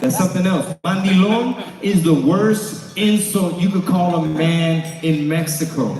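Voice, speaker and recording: High-voiced man doing stand-up in a hall. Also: a little slow, faint music behind. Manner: animated, acts out other people's voices. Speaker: stand-up comedian. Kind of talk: stand-up comedy set. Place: large banquet hall with live audience. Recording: echoey hall, far from mic, crowd. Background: audience laughing.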